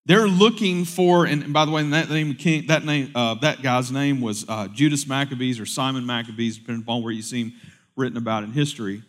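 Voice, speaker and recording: Guy preaching a sermon, chatty, gets loud then drops real quiet, mid-pitched voice. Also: a little fast. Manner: conversational preaching, animated swings from loud to hushed. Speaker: pastor.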